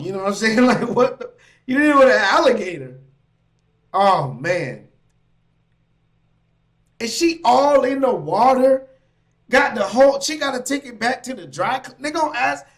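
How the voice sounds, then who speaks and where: A man hosting a casual reaction stream, talking in loose slang, laughing and riffing on what he reads. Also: sits high. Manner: animated, laughing, slangy asides. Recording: mic.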